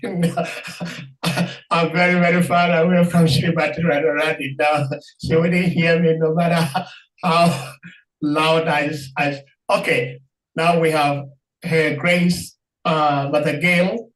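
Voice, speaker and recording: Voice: medium pitch, flat delivery, slow pace. A participant on a video call speaking earnestly and hesitantly, reflecting on a prayer. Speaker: participant and moderator. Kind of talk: reflective casual talk. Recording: echoey, distant call audio.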